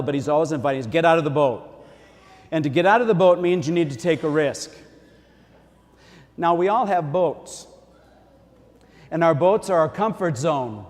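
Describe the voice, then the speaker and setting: A man's voice: on the high side, a little mellow. A man preaching a sermon as a priest, in a folksy, conversational way. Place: church. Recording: long church reverb.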